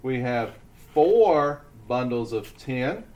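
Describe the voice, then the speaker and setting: A man teaching a lesson to young children, speaking slowly and deliberately as he sounds out letters and syllables. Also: medium pitch, sing-song, darkish tone, highs cut off.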